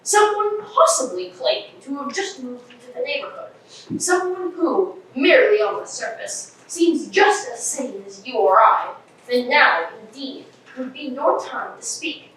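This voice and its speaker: A woman acting as a self-important male detective in a live school stage play, grandly declaiming in a high, swooping voice. The sound is echoey and comes from far across the hall, with a faint hiss underneath. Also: sing-song, measured pace, fairly bright tone, exaggerated voice. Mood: pompous. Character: pompous bumbling male police inspector. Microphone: distant room mic.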